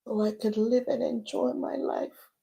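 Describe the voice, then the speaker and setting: Woman livestream host, tearful and preaching, warm and slow. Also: fairly high pitch, level tone, vocal fry. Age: adult with children. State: crying at times. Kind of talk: emotional livestream talk.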